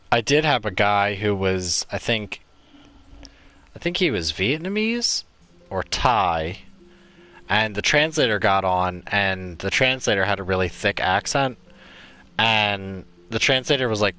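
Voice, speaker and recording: A man's voice: fairly low pitch, lively intonation, unhurried, long pauses, sharp tone. A man casually chatting and telling stories while playing a game as a let's play host. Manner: chatty, rambling storyteller. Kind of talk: casual gaming commentary.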